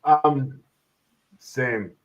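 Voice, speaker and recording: Dry low-key male co-host. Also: drawn-out words, highs cut off. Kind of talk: casual prediction show chat.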